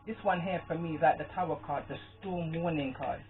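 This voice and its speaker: A woman born in Britain speaks with a clear Caribbean patois twang, chatting casually about her card readings. She rambles and keeps checking that her listener follows. The sound is narrow and phone-like, with soft music faintly underneath. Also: low voice, fairly quick. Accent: British with a Caribbean patois twang. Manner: chatty, rambling, often asks "you understand?". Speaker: spiritual card-reading vlogger. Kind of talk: casual monologue to camera.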